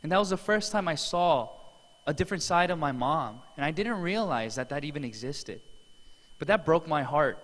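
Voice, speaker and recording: A man's voice: a little high, lively intonation, normal speed, fairly bright tone. A man giving an earnest, emotional motivational testimonial as a seminar speaker in a large event hall. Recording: long hall reverb.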